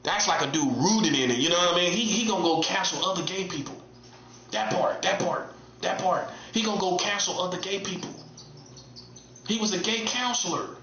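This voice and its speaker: A man's voice: sits high, brisk, bright, forceful tone, slight background noise. Emphatic man preaching in slang. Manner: emphatic, repetitive street slang. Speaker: online preacher. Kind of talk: casual monologue. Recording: echoey room, dull lo-fi sound.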